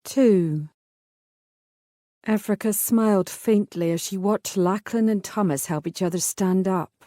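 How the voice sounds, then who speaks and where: A woman narrates a historical romance in a measured, steady storytelling voice. Her tone sits low and mellow. The sound is close and dry, with no room around it. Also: no echo. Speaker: audiobook narrator. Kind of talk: scripted narration.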